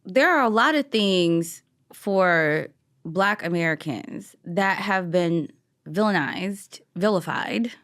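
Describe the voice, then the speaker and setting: Animated woman co-hosting a podcast. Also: fairly low pitch, slow. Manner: animated, laughs often, opinionated. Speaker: podcast co-host. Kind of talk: casual chat.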